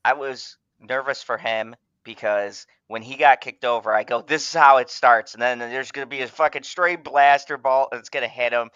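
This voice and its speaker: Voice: medium pitch, fairly even intonation, moderate pace, hardly any pauses, a bit bright, clear, resonant tone, dry recording, highs cut off. A co-host of an online review show chatting casually over a video call, laughing often and restarting sentences. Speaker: podcast co-host.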